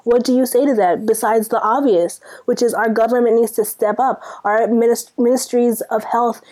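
A woman's voice: fairly high pitch, fairly even intonation, moderate pace, dark tone. A young woman from Sudan co-hosting a podcast, ranting in a casual, exasperated way full of rhetorical questions. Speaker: podcast co-host. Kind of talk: casual chat.

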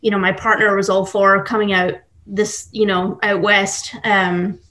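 A woman's voice: mid-range voice, level tone, unhurried, sharp tone. A young woman with a Scottish accent, a baker chatting upbeat as a podcast guest, with many fillers. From Scotland and Texas. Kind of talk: casual podcast interview.

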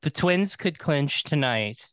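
A man's voice: fairly high pitch, expressive, slow pace, fairly bright tone, clear, resonant tone, no echo. A man co-hosting a casual chat, talking with lots of fillers and frequent laughter. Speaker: podcast co-host.

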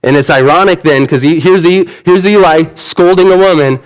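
A man's voice: fairly high pitch, moderate pace, few pauses, smooth. Earnest man preaching a sermon. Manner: earnest, conversational preaching with vivid paraphrase. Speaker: pastor.

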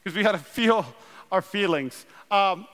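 A man in his thirties from North Dakota, preaching a sermon with animated storytelling and self-deprecating humor. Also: high voice, unhurried. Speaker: pastor. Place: large church auditorium. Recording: long hall reverb.

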